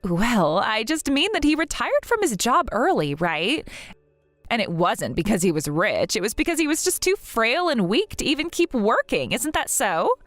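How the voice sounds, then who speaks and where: A snobbish rich sister-in-law sneers and gloats, as a woman puts her on for a dramatized story. The voice rides high and swoops in lively, mocking arcs. The sound is dry and close, with faint music underneath. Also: normal speed, dry recording. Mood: sneering.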